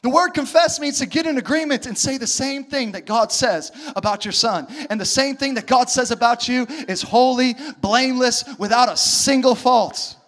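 Guy preaching a sermon, really high voice, animated, does little voices for the quotes. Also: normal speed, few pauses. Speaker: pastor.

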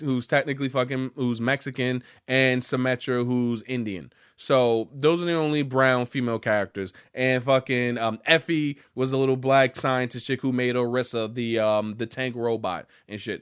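A man's voice: mid-range voice, clean tone. A young man ranting casually as a gaming vlogger, rambling and profane.

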